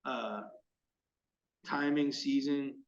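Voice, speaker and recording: Man, lure maker, animated storyteller, slightly distant mic, muffled sound. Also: medium pitch, extremely slow. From California. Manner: animated, acts out quoted exchanges. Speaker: lure maker, podcast guest. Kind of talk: casual storytelling chat.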